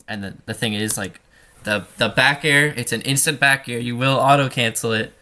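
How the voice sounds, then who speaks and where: A man coaching a student over gameplay in a relaxed, talky way, full of fillers and restarts. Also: mid-range voice, moderate pace.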